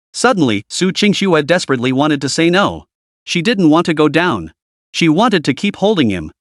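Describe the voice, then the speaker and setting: A man giving a steady scripted narration of a comic story. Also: fairly high pitch, moderate pace, no echo, studio quality.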